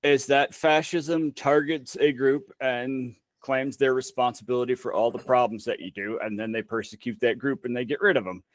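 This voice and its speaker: A man's voice: mid-range voice, fairly even intonation, normal speed, few pauses, no room sound. A man co-hosting a political podcast in casual chat, blunt and profane with sarcastic asides. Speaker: podcast co-host.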